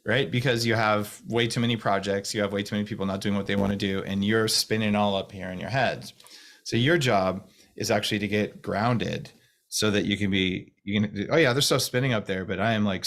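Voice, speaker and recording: Man, low voice, gravelly, fast rambling talk, restarts a lot. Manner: fast talker with restarts, slows voice to demonstrate calm. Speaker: guest speaker on a video call.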